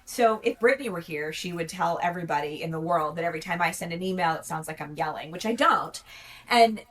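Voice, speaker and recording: A woman's voice: lowish voice, lively intonation, fast talker, a bit bright, recorded from a distance. Blunt woman telling a story off-mic. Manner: blunt, storytelling, frequent "like" and "yep". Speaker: podcast co-host, veteran. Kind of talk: casual chat.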